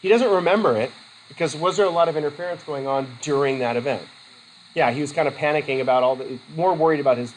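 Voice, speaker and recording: A man's voice: mid-range voice, slight background noise, poor audio. A male instructor giving a casual, rambling classroom lecture, often interrupting himself mid-sentence. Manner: chatty, rambling, self-interrupting. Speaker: college instructor.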